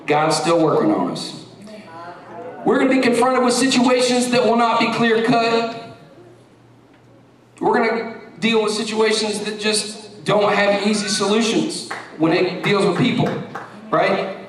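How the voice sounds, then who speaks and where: A man preaching a sermon as pastor, animated and joking as he talks to the congregation. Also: sits high, unhurried, long pauses, far from the mic. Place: church sanctuary. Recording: echoey church recorded from afar.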